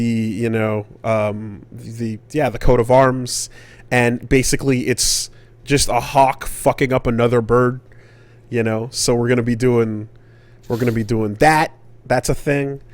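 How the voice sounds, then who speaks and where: A man's voice: medium pitch, no room sound. A man co-hosting a podcast, telling a long casual story full of fillers and swearing. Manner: rambling and profane, with many fillers. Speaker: podcast co-host.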